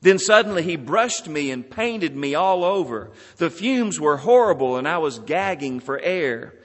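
A man's voice: a little high, very animated, measured pace. A man voicing a small clay teacup that cries out and pleads as it is shaped and fired. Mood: pleading. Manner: pleading, crying out in distress. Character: small talking clay teacup, suffering then amazed. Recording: long hall reverb.

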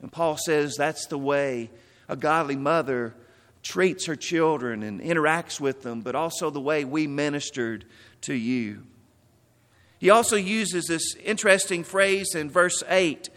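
A man preaching a sermon as pastor, telling stories and stressing words, then dropping softly. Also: fairly high pitch, big-room sound.

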